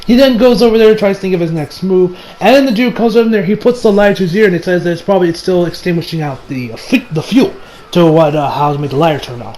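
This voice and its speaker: Rambling high-voiced male reviewer. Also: fast talker, a little mellow, poor audio. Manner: rambling, many restarts and fillers, swears. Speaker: anime reviewer. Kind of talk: casual episode recap.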